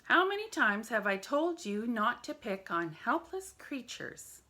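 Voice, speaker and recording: A woman voicing a tiny old woman in a storybook, shrill and scolding, the stern mother of a giant. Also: huge pitch swings, a little slow, a bit bright, full character voice.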